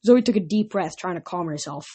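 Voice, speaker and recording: A woman narrating a novel aloud in a steady storytelling manner. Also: lowish voice, brisk, slightly rough. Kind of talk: audiobook narration.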